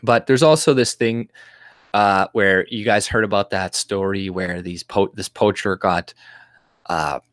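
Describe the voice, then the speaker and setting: A man with a fairly low voice rants casually on his home livestream, rambling, swearing and often breaking off to restart his sentences. The sound is close and dry, with little room around it. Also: measured pace, fairly bright tone, no echo. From Canada. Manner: rambling, profane, with frequent restarts and mocking mimicry. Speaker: livestream host. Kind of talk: casual political livestream rant.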